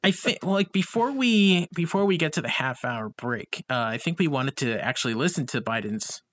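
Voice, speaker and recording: A man co-hosting a casual discussion, halting with many fillers and restarts. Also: fairly high pitch, animated, fairly bright tone. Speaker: co-host.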